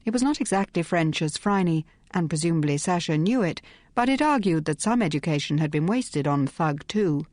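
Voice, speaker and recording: Crisp, wry woman reading an audiobook. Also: fairly low pitch, lively intonation, normal speed, a little mellow, dry recording, clean studio sound. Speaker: audiobook narrator. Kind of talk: scripted narration.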